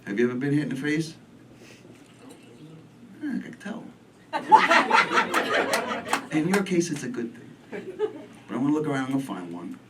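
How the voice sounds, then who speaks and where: At a comedy club, a stand-up comedian with a New York accent does crowd work, brashly teasing audience members and riffing with them. His mid-range voice swings widely in pitch at a normal speed, with frequent pauses. It's a live set caught on a far mic, so the loud crowd makes it very noisy.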